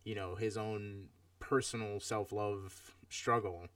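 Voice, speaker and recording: A man's voice: lowish voice, fairly even intonation, slow, fairly bright tone, far from the mic. A man in his thirties chatting casually while reviewing a film, reflective and rambling with many fillers. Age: 30s. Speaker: podcast co-host.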